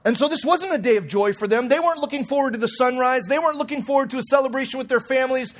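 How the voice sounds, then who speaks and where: A man's voice: very high-pitched, racing. A man in his forties preaching a sermon as pastor, in a conversational, humorous way with frequent restarts. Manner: conversational, humorous, self-correcting.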